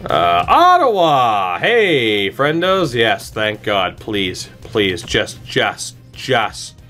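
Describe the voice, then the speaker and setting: A man's voice: medium pitch, wildly swooping pitch, drawn-out words, sharp tone, soft background music. A man commentating a video game he plays, exasperated and pleading, swearing often, with sarcastic asides. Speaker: gaming channel host.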